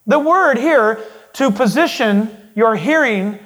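A male pastor preaching a sermon in an emphatic way, swinging his pitch for stress. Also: lively intonation, takes it slowly, fairly bright tone.

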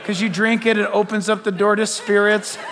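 A man preaching a lively, joking sermon as a pastor, acting out the voices of the people he quotes. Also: sits high, a little fast, a little hiss or hum. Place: church auditorium. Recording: long hall reverb.

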